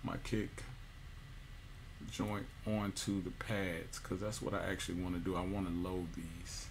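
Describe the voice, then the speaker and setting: A man giving a casual music software tutorial, loose and jokey, with slang and lots of fillers. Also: low voice, flat delivery, a little slow, noisy background. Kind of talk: casual screen-recorded tutorial.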